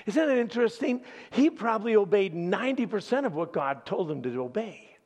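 A male pastor preaching a sermon as an animated storyteller with dramatic pauses. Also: fairly high pitch.

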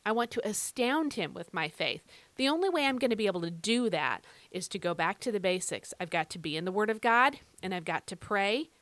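A woman's voice: mid-range voice, animated, fairly quick, hardly any pauses, a bit bright, no echo. A woman hosting a devotional podcast, reading scripture and teaching in an earnest, emphatic, conversational way.

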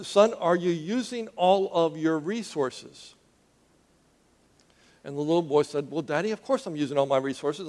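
A male preacher delivering a sermon, his voice sitting a little higher than most men's. He calls out to the congregation with repeated questions and sinks into hushed, earnest tones while storytelling. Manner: call-and-response with the congregation, dropping to quiet intensity.

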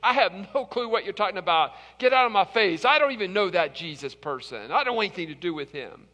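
A brash, impulsive fisherman brags loudly and then snaps out flustered denials, as a man preaching puts him on. The voice sits high and bright, and a long hall reverb trails each phrase. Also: lively intonation, fast talker, lo-fi sound. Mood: angry denial.

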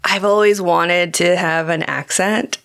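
Laid-back, slangy woman with a lowish voice. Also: steady tone, a little slow, vocal fry, fairly bright tone, clean tone. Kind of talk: casual chat.

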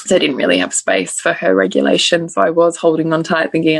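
A woman hosting a podcast, telling stories animatedly and laughing often, then slowing down to speak deliberately when reflective. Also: deep voice, creaky, husky. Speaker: podcast host and author. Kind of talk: casual podcast conversation.

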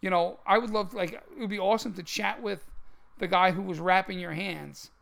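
A man co-hosts a casual martial arts talk show. His voice sits high and carries a heavy gravelly fry. He explains things emphatically, often repeating words as he goes. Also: steady tone, brisk, a bit bright. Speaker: podcast co-host.

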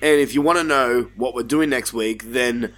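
Man, Australian accent, sick with flu, cracking voice, raspy when low, casual podcast co-host, laughs a lot. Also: normal speed, a bit bright. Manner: laughs often, swears casually.

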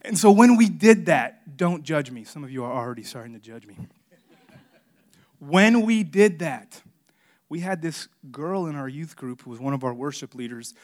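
A man's voice: fairly high pitch, expressive, normal speed, a little mellow. A middle-aged man preaching a sermon, telling a funny story about himself in a joking, confessional way. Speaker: pastor.

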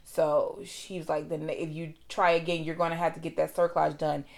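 A woman's voice: sits low, flat delivery, moderate pace, gravelly. A woman, hosting a podcast and candidly telling a personal story in a conversational, emotional way. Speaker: podcast host.

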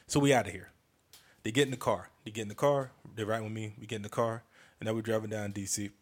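A man hosting a comedy podcast, telling a story in a casual, animated and profane way, often restarting sentences. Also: on the low side, quick pace, slightly rough.

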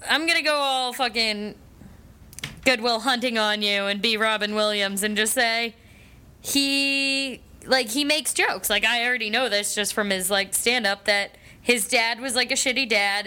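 A woman's voice: medium pitch, normal speed, pushed and bright, smooth. A woman co-hosting a comedy radio talk show, rambling through stories with constant fillers and swearing. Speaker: co-host. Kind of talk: casual comedy chat.

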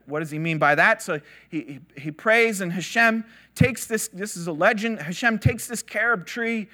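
A man giving a conversational sermon, telling stories with animated quoted voices and casual asides. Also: high voice, moderate pace. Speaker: teacher.

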